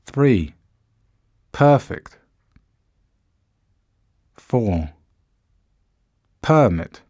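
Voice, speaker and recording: A man with a lowish voice narrates a language course. He reads every word very slowly and carefully, and his pitch rises and falls a lot. The sound is dry and close, with no room echo. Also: big pitch swings, darkish tone. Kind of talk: slow, deliberate scripted pronunciation reading.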